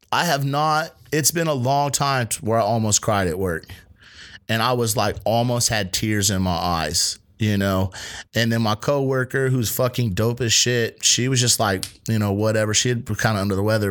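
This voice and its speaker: A man co-hosting a podcast, telling a work story in casual, profane chat and acting out the people in it. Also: fairly low pitch. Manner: animated, profane, acts out quoted voices. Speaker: podcast co-host; restaurant line cook.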